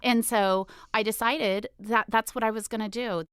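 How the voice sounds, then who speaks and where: A middle-aged woman in a candid interview, talking loudly and emotionally as she tells lively stories from her work in politics. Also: on the high side, normal speed, smooth, no echo, studio quality. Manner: loud, emotional, animated storytelling. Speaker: state assemblywoman, guest.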